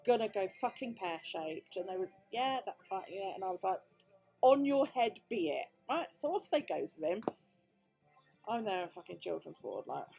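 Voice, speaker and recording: A woman's voice: medium pitch, vocal fry, a little mellow. A British woman vlogger telling a story in casual chat, swearing freely and acting out the quoted dialogue. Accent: British English. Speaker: crafting vlogger.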